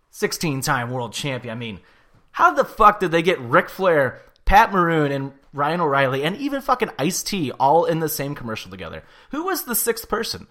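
A man's voice: a little high, very animated, moderate pace, a bit bright. A man co-hosting a casual podcast, from the St. Louis area, joking and swearing loosely about sports and ads. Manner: loose, profane, jokey banter. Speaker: podcast co-host.

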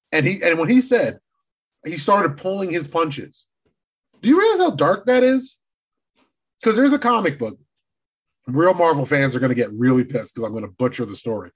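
A man co-hosting a casual movie discussion, excitable and animated, swearing freely as he talks. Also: a little high. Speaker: podcast co-host.

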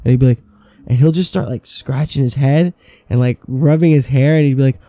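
A man's voice: medium pitch, fairly quick, mellow, dry recording. A man co-hosting a podcast, telling a rambling, profane work story in casual chat. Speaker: podcast co-host.

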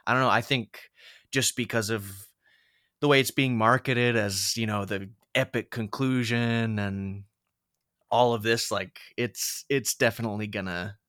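A man's voice: on the low side, steady tone, a little slow, fairly bright tone, dry recording, studio quality. A young man co-hosting a podcast, chatting casually with lots of fillers and restarts. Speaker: podcast co-host. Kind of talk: casual chat.

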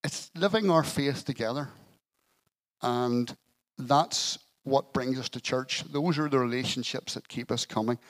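A man's voice: medium pitch, a little slow, low-quality recording. A male pastor giving an earnest sermon in church, telling a story with a touch of light humour.

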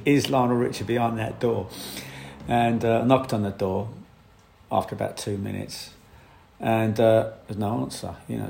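A man, a photographer, telling a rambling, animated anecdote with frequent laughs. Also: mid-range voice, vocal fry. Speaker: photographer guest. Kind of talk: anecdote in casual chat.

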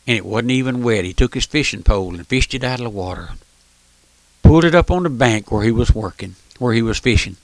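A man's voice: mid-range voice, lively intonation, brisk, no room sound. An older man preaching an earnest, emphatic radio sermon in a folksy, repetitive way.

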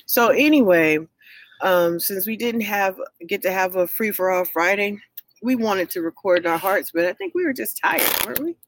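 A woman co-hosting a casual podcast chat with her husband, chatty and quick to laugh. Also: mid-range voice, animated. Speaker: podcast co-host.

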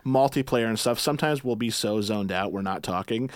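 Man, podcast guest, from Michigan, low voice, dry close sound, rambling with fillers. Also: a little fast, dry recording. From Michigan, USA. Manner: rambling, lots of fillers and restarts. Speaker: guest musician. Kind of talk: casual podcast chat.

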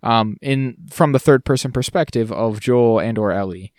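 A man co-hosting a casual podcast, talking in an animated, jokey way that often trails off and restarts. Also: mid-range voice, moderate pace, no echo, studio quality. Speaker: podcast co-host.

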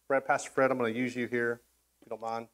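A man's voice: medium pitch, flat delivery, fast talker, fairly bright tone. A man preaching a sermon in a casual, conversational way, acting out quoted voices and often restarting his sentences. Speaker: pastor.

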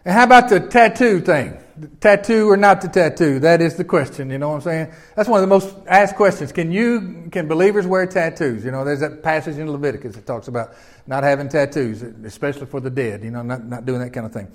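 A man's voice: on the high side, brisk. An older man with a Southern US accent, from Memphis, preaching a sermon in a folksy, conversational way full of rhetorical questions. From Memphis, Tennessee. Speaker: pastor.

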